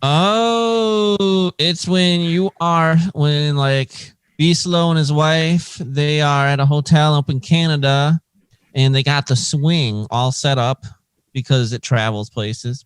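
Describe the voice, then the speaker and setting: A man's voice: on the high side, clean tone, no room sound. A man co-hosting a crude comedy podcast, telling a story and laughing through it. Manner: laughs through his own story, slow animated telling. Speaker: podcast co-host.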